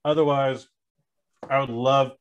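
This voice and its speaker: A man's voice: medium pitch, steady tone, a little slow, clear, resonant tone, no echo, lo-fi sound. A man co-hosting a podcast, reacting to his co-host's story and riffing on jokes. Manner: playful, riffs on jokes and reacts. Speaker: podcast co-host. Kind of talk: casual chat.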